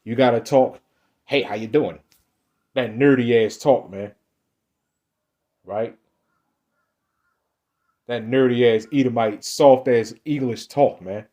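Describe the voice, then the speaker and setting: A man's voice: mid-range voice, steady tone, slow pace, pauses often, warm tone. Male preacher, mid-range voice, casual and emphatic, talking to viewers with plenty of slang and restarts. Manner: emphatic, repetitive, ends phrases with "man"; loose, conversational slang and restarts. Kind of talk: casual Bible teaching.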